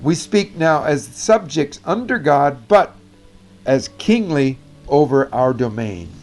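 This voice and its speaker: A man giving an animated, emphatic Bible teaching on prayer, often correcting himself mid-sentence. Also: fairly high pitch, slow, faint music behind.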